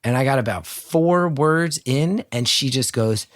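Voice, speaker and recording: A man's voice: medium pitch, measured pace, dry recording. Dry, close-miked man telling a story. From lived in New York. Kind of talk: casual chat, storytelling.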